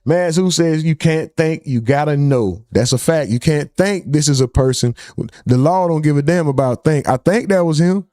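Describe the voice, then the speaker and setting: A man's voice: fairly high pitch, normal speed, warm tone, no room sound, studio quality. A man hosting a live stream, casually reading out chat comments and joking with viewers. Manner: loose, joking, reads chat names aloud.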